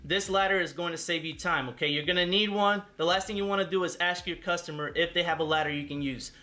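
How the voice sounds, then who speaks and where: A man's voice: on the high side, fast talker, bright, forceful tone. A man showing gear and explaining it in a casual how-to walkthrough, often ending his points with "okay?". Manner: instructive, ends points with "okay?". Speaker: party rental business owner. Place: warehouse.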